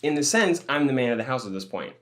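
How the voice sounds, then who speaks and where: A man's voice: mid-range voice, sing-song, quick pace, a bit bright. A young man co-hosting a podcast, telling a rambling story in casual chat, swearing and laughing often. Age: young adult. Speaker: podcast co-host.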